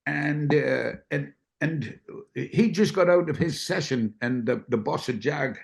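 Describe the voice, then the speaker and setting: Gravelly man telling rambling stories. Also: fairly high pitch, a little slow. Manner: rambling, acts out quotes, laughs. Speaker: guest. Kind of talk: casual anecdote telling.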